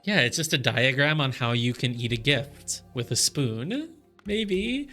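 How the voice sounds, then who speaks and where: Bright-voiced chatty male streamer. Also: medium pitch, big pitch swings, a little slow, soft background music. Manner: chatty, puzzling aloud with many fillers. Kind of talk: live game commentary.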